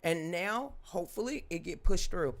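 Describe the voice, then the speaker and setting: A woman's voice: fairly low pitch, expressive, normal speed. A woman hosting a live political commentary show from home, talking in a blunt, colloquial and emphatic way.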